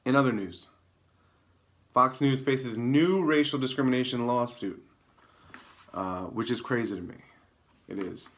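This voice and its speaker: A man hosting his own comedy show alone on camera, rambling through news headlines with deadpan, self-mocking asides. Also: mid-range voice, unhurried, long pauses. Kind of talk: improvised comedic news rundown. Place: alone in a room, talking to camera.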